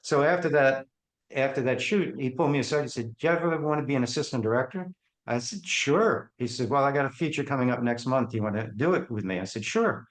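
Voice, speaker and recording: Recorded in a room with echo, a podcast guest with a mid-range voice rattles through career stories fast. He animatedly impersonates the people who appear in his anecdotes.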